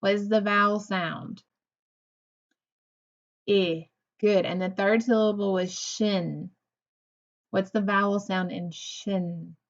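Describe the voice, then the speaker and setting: A patient woman teacher walks young children through sounds and syllables. She speaks slowly, stretching out words, with encouraging praise in a mid-range voice. The recording is muffled and lo-fi. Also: medium pitch, flat delivery. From United States. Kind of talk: recorded phonics lesson for second graders. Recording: dull lo-fi recording.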